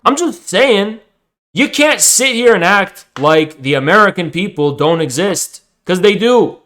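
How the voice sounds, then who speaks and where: A man's voice: high voice, lively intonation, a little slow, a bit bright, rough recording. Taunting, profane male streamer. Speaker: streamer and debate host. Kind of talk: livestream debate and rant at chat.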